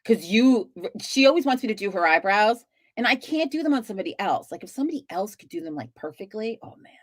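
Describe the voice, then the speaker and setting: A woman's voice: medium pitch, expressive, quick pace, no room sound, studio quality. A woman hosting a live stream, chatting casually with viewers, talkative and swearing freely as she rambles.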